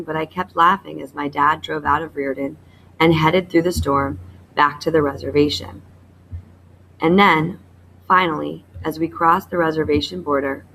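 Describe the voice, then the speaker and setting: A woman teacher reading a novel aloud to her class in a plain, even manner, stopping to explain a writing task. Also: sits low, gravelly, slight background noise, rough recording.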